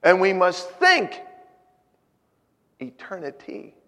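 A man preaching a sermon, telling stories and moving from loud urging to hushed asides. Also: sits high, huge pitch swings, slow. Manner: storytelling, swinging from loud exhortation to hushed asides. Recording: hall with long reverb.

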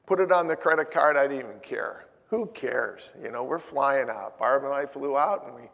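A man preaching a sermon as pastor, moving between emphatic points and quiet personal storytelling. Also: mid-range voice, normal speed, vocal fry, in a large hall, dull audio.

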